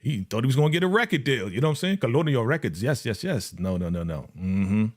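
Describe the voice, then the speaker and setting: Animated slangy man hosting a review. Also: medium pitch, quick pace. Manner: animated, laughing, slangy, acts out quotes. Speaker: host of a live TV episode review. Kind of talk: casual live review chat.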